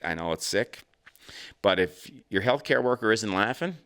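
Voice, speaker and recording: Casting: low-voiced Nova Scotia man, podcast co-host, blunt and salty. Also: animated, fairly bright tone, clean tone. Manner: blunt, swears freely, quick reactions. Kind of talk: casual chat.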